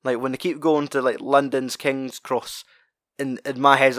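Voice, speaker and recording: A man recaps a film in casual, profanity-laced chat, wandering from thought to thought and laughing along the way. His voice sits at an ordinary middle pitch and is recorded close and dry, with no room sound. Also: level tone, moderate pace, a bit bright, no echo. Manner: sweary, rambling, laughs often.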